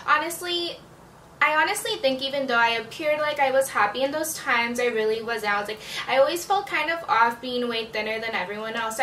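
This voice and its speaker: Young woman vlogger, bright, slightly high voice, blunt casual confessional chat, roomy echo. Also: a little hiss or hum. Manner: chatty, frank, swears, many "like" fillers. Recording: echoey room, a bit far from mic.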